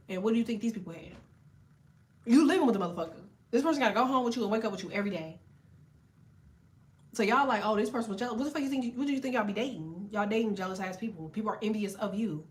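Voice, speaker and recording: Woman, tarot reader, casual rant to camera, blunt and profane, animated storyteller, fairly high voice. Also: fast talker.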